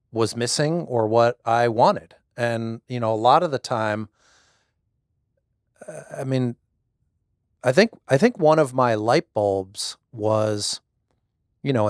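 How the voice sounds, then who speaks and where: A man's voice: mid-range voice, no room sound, studio quality. A middle-aged man reflecting thoughtfully and hesitantly in a casual conversation, often restarting his sentences. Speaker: guest, husband.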